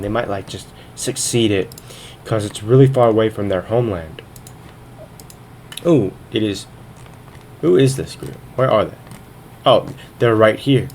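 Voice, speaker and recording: There's a little hiss or hum behind this man's lowish voice. He's a gaming video host giving casual commentary on a strategy game, thinking aloud turn by turn and occasionally a little out of breath.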